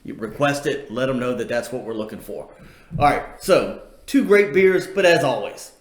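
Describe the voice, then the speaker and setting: A man's voice: on the high side, big pitch swings, normal speed, slight background noise. Upbeat host man in an echoey room. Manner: upbeat, hosting, hands off to guests. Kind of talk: casual chat.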